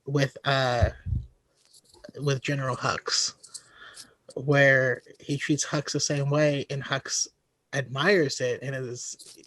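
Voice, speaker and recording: Slow, hesitant man hosting a podcast. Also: medium pitch, flat delivery, fairly bright tone, dry recording. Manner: hesitant, apologetic, many fillers. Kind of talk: casual podcast discussion.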